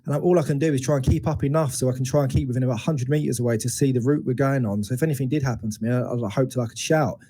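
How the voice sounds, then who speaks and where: Talking very fast with hardly any pauses, a man in his forties uses a warm, medium-pitched voice. A men's educator and interview podcast guest, he frankly and thoughtfully tells a painful personal story, frequently restarting and acting out quotes.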